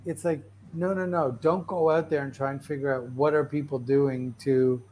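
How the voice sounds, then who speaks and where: There's slight background noise as a man with a medium-pitched voice talks at an ordinary speed. He's hosting a casual motivational session, rambling through his stories with endless "like" and "right?" fillers. His manner is animated and restless, full of restarts.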